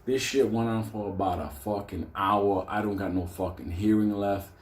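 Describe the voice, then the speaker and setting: A man telling a comedic story from his own life in a profane, animated way, laughing often. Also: fairly low pitch, moderate pace. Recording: roomy echo.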